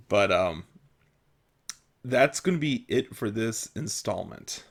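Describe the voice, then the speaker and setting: A man's voice: on the low side, expressive, extremely slow, pauses often, slightly rough. A young man venting in a casual vlog, exasperated and self-mocking, often laughing at his own frustration. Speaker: vlogger.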